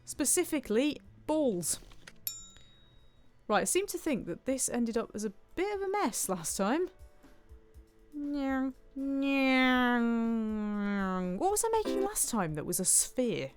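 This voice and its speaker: A woman's voice: high voice, sing-song, moderate pace, darkish tone, faint music behind. A woman streaming a cooking game, chatting playfully and reading viewer comments aloud. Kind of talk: casual gameplay commentary.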